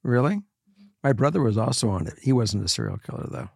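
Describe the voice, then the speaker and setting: A man co-hosting a podcast in casual chat, playful and given to loud excited bursts. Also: mid-range voice, a little fast, gravelly, husky, no room sound, studio quality. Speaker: podcast co-host.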